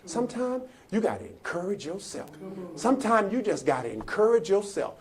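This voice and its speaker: A man with a high voice delivers a motivational speech in a preacherly cadence. He tells his story in a call-and-response style and swells to shouts at its peaks. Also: sing-song, normal speed. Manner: builds to shouting. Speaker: motivational speaker.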